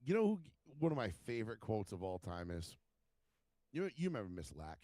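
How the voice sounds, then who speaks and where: A man casually telling profane, animated stories as a podcast co-host and acting out other people's lines. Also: on the low side, a little fast, no room sound. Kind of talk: casual chat, storytelling.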